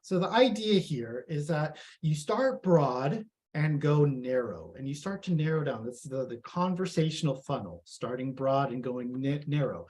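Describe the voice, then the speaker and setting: A man's voice: on the high side, lively intonation, normal speed, hardly any pauses, darkish tone. A man giving a casual, chatty live tech presentation and reading audience comments aloud.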